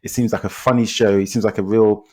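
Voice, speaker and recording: Low-voiced laid-back London man. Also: flat delivery, fast, a little mellow. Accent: London English. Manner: laid-back, agreeable, backchannels a lot. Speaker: podcast co-host. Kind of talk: casual film chat.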